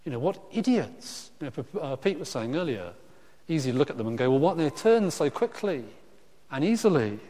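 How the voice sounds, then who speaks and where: A man preaches a sermon in an easy, conversational way, often restarting phrases and slipping into lively asides. His voice sits in a middle register. Long hall reverb trails after his words. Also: a little high, brisk.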